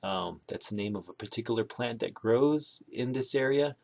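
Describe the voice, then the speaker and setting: A man giving a casual language lesson, repeating each word slowly. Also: mid-range voice, gravelly. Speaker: language teacher.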